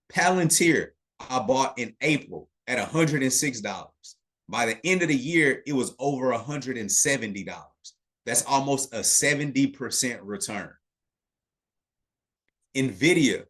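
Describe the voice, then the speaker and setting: A man's voice: medium pitch, a bit bright. A man teaching a live online investing class in a casual way, emphatic and talking straight to his chat audience, repeating key points and checking in with "okay".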